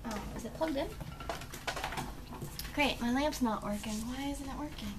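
Casual: excited new mom doing an unboxing, high bouncy voice, lots of gasps, noisy room behind. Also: female voice, moderate pace. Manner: gushing, gasping, chatting to her small daughter. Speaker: beauty vlogger, mother. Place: home room.

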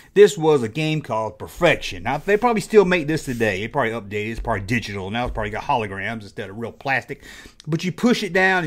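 A middle-aged man with a slightly high voice hosts a casual nostalgic vlog. He talks in a jokey, animated way and keeps acting out his childhood reactions. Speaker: host.

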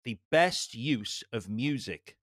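A man's voice: mid-range voice, lively intonation, slow pace, a bit bright. A man hosting a film interview, joking and enthusiastic, laughing often. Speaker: film podcast host. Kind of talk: casual interview chat.

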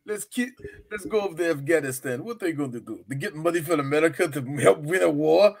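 Male co-host, high gravelly voice, joking, crowd noise clear in back. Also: expressive, a little fast, a little mellow. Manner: joking, slips into mocking put-on voices. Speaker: podcast co-host. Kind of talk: casual chat.

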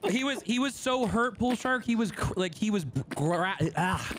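A man's voice: very high voice, normal speed, background noise. A man playing a shooter game with friends, laughing often and getting openly frustrated, on a headset mic. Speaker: squad teammate. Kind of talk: casual gaming chat.

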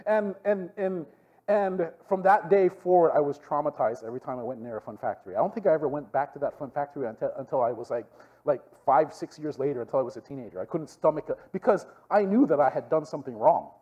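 A man's voice: a little high, fast talker, slightly rough, lo-fi sound. A man with a Hawaiian Pidgin-tinged accent teaching a youth group, telling stories animatedly and checking in with "okay?". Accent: Hawaiian Pidgin-tinged English. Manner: animated storytelling, frequent "okay?" asides to the room. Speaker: youth pastor.

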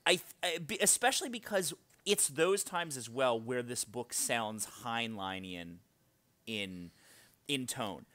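A man co-hosts a casual book discussion podcast, trading jokes and quick asides. His voice swings widely in pitch and carries a bright edge. The recording is dry and close. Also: no room sound. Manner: animated, joking, quick asides. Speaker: podcast co-host.

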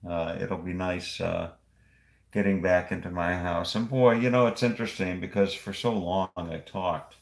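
A man casually vlogging as he walks through a house, rambling with frequent halting pauses. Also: low voice, fairly even intonation, vocal fry. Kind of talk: casual walk-through vlog. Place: indoors in a house.

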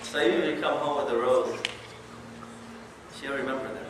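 This male Islamic lecturer preaches a sermon in a lively, conversational manner and keeps asking the audience questions. His mid-range voice moves at a normal speed, captured from far away in an echoey, noisy hall.

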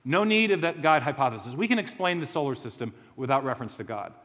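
A man's voice: medium pitch, expressive, fast, fairly bright tone. Man lecturing in a reverberant hall. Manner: anecdotal storytelling with frequent restarts; self-deprecating humor. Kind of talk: public lecture.

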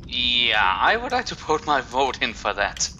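A man playing a co-op game with friends, talking in a deliberate, slightly pompous way. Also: mid-range voice, very animated, bright, forceful tone, a little hiss or hum. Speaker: co-op game player. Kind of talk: casual let's-play chat.

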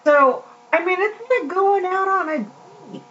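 A woman's voice: extremely high pitch, animated, a little slow, fairly bright tone, lo-fi sound. A woman giving a casual, heartfelt devotional talk to her viewers, rambling with many fillers and restarts. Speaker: Christian vlogger.

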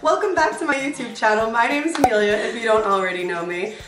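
Playful young woman vlogger, slightly high. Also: fast. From California. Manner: playful, chatty, self-mocking. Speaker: vlogger host. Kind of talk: casual chat while eating. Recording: echoey room, mic far off, music playing behind.

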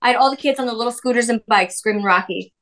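Bright-voiced, blunt woman host. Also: fairly high pitch, fast talker. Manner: animated, blunt and profane. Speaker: podcast host. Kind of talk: casual gossipy chat.

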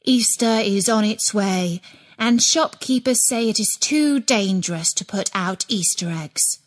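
A woman's voice: medium pitch, a little slow, natural voice. A woman reading a grave TV news reporter. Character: serious television news reporter.

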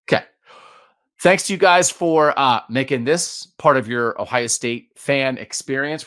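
Animated male podcast host. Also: medium pitch, dry recording, studio quality. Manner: lively, animated, repeats himself for emphasis. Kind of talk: casual podcast chat.

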